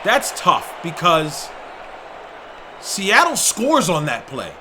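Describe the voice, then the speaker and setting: This high-pitched man speaks slowly while calling a football video game stream with excited play-by-play. He shouts often and makes no secret of his indignation at the refs, all against a noisy background.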